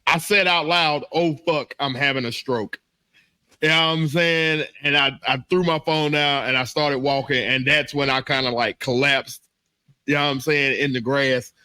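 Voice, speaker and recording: A man co-hosting a comedy podcast, telling a story in an animated, laughing way and acting out his own panicked voice. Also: medium pitch, normal speed, clean tone, dry recording. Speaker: podcast co-host.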